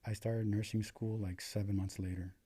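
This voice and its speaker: A man's voice: fairly low pitch, flat delivery, moderate pace, mellow, husky. A young adult American man, a paramedic guest, telling his story in casual, profane talk full of "dude" and "like". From United States. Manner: profane, filler-heavy, says "dude" a lot.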